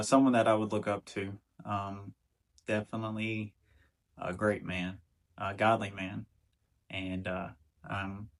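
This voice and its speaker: A former employee answering an interview question hesitantly, with many pauses. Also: male voice, on the low side, gravelly.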